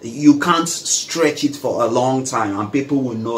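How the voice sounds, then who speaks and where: A man's voice: on the high side, very animated, measured pace, hardly any pauses. A man hosting a casual conversation, speaking emphatically and turning to address the viewers. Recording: roomy echo, faint noise.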